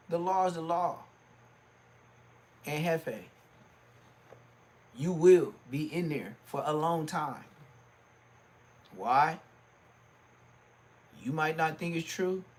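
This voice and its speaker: A middle-aged man, ranting on his livestream and often jumping into a high, mocking voice. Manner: animated, swings into high mocking voice. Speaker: livestream host.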